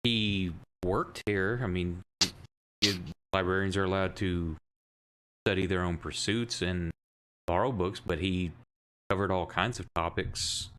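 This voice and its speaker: Deep-voiced male game master. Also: steady tone, unhurried, fairly bright tone, slight background noise. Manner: casual, loose descriptive narration. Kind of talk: narrating a tabletop game.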